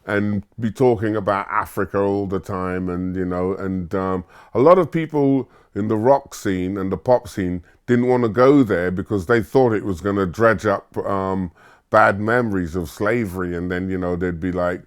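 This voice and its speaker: A man's voice: deep voice, moderate pace, smooth. Laid-back man from Barbados reminiscing. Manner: laid-back storytelling with filler words and chuckles. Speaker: musician interviewee. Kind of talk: relaxed reminiscing monologue.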